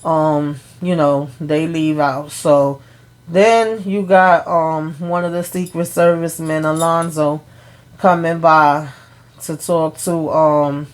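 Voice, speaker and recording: A woman with a notably low voice talks through a TV recap in a loose, chatty way. She leans on fillers like "um" and "you know" and keeps slipping in "she was like" as she retells each exchange. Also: steady tone, slow. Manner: forgetful of names, laughs at herself. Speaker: TV recap vlogger. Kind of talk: casual episode recap.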